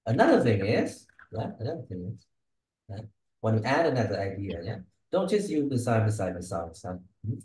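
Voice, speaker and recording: With big pitch swings and a slightly fast delivery, a lowish-voiced man coaches a student's English pronunciation one-on-one. His tone is mellow and dark; he demonstrates words and constantly asks "yeah?" or "okay?" amid a roomy echo.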